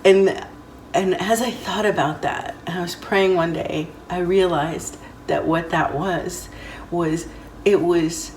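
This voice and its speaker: A woman's voice: on the low side, fairly even intonation, slow, a little mellow, a little hiss or hum. A woman telling personal stories in a casual vlog, rambling and heartfelt, with many fillers. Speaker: vlogger. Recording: roomy, distant mic, faint ambience.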